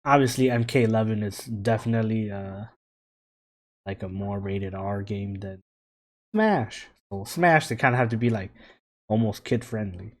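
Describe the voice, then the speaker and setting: A man's voice: lowish voice, steady tone, moderate pace. A young man co-hosting a gaming podcast in casual chat, laid-back, swearing and laughing often. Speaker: podcast co-host.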